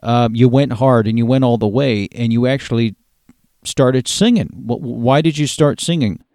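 An enthusiastic male host gushing over his guest in a comedy interview. His voice is mellow and dark, at a middling pitch, and sounds dry and close. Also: moderate pace, no echo.

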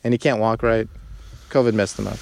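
A man co-hosting a casual podcast chat, cracking crude jokes and breaking into loud bits. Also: on the low side, steady tone, fairly quick, gravelly. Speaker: podcast co-host. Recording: loud background noise.

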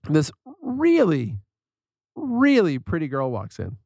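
A man with a high, light voice tells stories in a casual podcast chat, laughing often and acting out the lines of the people in them. The sound is dry and close to the mic. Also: slow pace, husky, dry recording. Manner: animated storyteller, laughs often, acts out quotes. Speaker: podcast co-host.

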